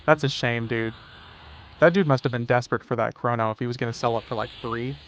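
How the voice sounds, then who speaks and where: Speaking quickly in a steady, medium-pitched tone, a man banters through a live game stream. The audio has its highs cut off and carries a little hiss or hum. He's easygoing and jokey, curses without hesitation, and keeps calling people "dude."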